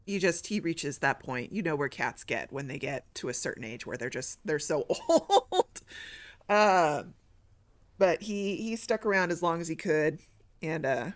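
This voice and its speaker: A woman streaming a story game, chatting casually in a rambling way with many restarts. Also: low voice. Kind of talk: casual live-stream chat.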